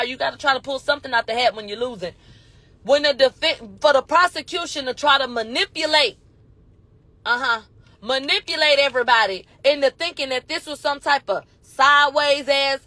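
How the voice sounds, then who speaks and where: A woman doing casual commentary, retelling court testimony in an animated, profane way. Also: sits high, no echo. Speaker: commentary host.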